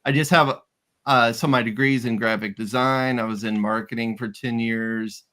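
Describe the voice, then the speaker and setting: A man's voice: mid-range voice, fairly even intonation, moderate pace, pushed and bright. A man talking as a guest on a casual show, easygoing and agreeable. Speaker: guest, independent filmmaker. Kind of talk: casual interview answers.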